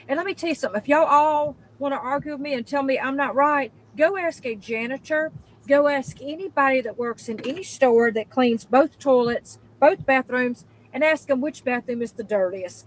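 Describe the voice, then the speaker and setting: High-voiced woman in a profane rant. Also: slight background noise, low-quality recording. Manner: profane, exasperated, emphatic; spikes into loud high outbursts. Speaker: worker venting in a video clip. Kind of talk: angry storytelling rant.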